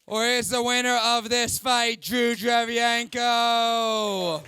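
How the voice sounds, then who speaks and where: A man announcing a comedy roast battle on a club stage, calling out names with long, booming ring-announcer delivery. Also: level tone, pushed and bright, smooth. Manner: drawn-out booming announcer calls. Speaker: fight announcer.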